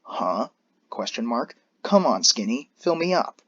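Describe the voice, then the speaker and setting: A man's voice: medium pitch, big pitch swings, a little slow, a bit bright, breathy edge, no room sound, muffled recording, full character voice. A man voicing a drunk, rowdy young biker who slurs and picks fights, read from a fan story. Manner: slurred, belligerent.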